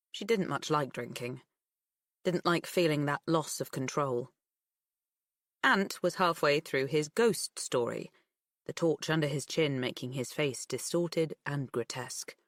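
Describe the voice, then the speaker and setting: A woman reads an audiobook with a measured, expressive delivery. Her voice is fairly low but moves widely in pitch, and she takes her time. The recording is close and dry. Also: dry recording. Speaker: audiobook narrator. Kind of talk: scripted narration.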